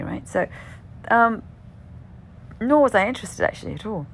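A woman's voice: on the high side, animated, a little fast, long pauses, slight background noise. A woman telling a personal story in a casual way. She often asks "right?", swears now and then, and sometimes drops to a whisper at the end of a phrase.

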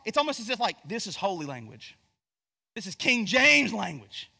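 A man's voice: high voice, sing-song, normal speed, creaky, sharp tone, in a large hall. A pastor from North Carolina with a Southern accent, preaching a sermon in a conversational, joking way, often restarting his sentences. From Gastonia, North Carolina. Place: church sanctuary.

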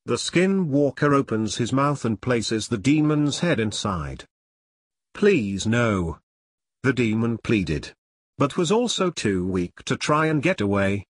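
A man narrating a scripted horror story, reading with lively intonation. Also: medium pitch, husky, no echo, clean studio sound.

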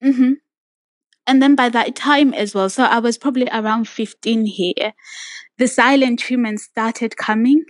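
A woman's voice: on the high side, steady tone, a little slow, no room sound. A woman on a podcast telling a personal story in casual conversation, earnest and reflective, acting out what others said. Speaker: podcast co-host sharing her story.

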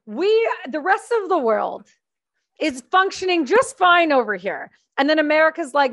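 A woman's voice: high-pitched, big pitch swings, moderate pace, fairly bright tone, no echo, studio quality. A woman from Canada chatting casually as a guest, blunt, swearing and ranting playfully. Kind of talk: casual chat.

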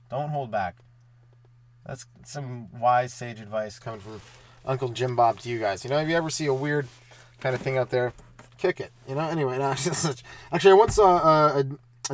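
Canadian comedian guy rambling stories, cusses a lot, jumps into loud bits, dead dry mic. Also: mid-range voice, dry recording. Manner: swears freely, acts out voices, bursts of loud laughter. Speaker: stand-up comedian, podcast host. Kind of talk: rambling comic storytelling.

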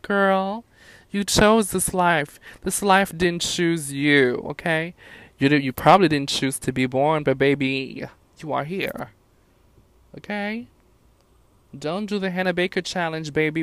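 A young man venting about his fast food job in a profane, animated, sassy rant. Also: mid-range voice, dry recording. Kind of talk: casual rant to camera.

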